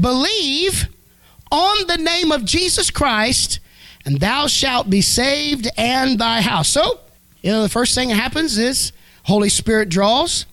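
High-voiced preacher with fervent delivery. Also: male voice, a bit bright, dry recording. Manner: storytelling preacher, rising to fervent emphasis. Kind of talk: sermon.

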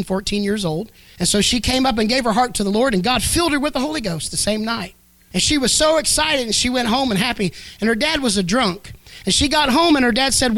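A man's voice: extremely high pitch, a bit bright, no echo. A man preaching a sermon, telling a story and then building to fervent emphasis.

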